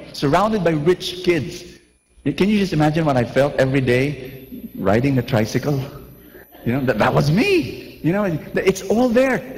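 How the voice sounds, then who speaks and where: A preacher in his forties gives an animated sermon, firing questions at his listeners and acting out little scenes. His voice sits on the higher side for a man. A long church reverb trails each phrase. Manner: lively, asks the crowd questions, acts out scenes. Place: large church.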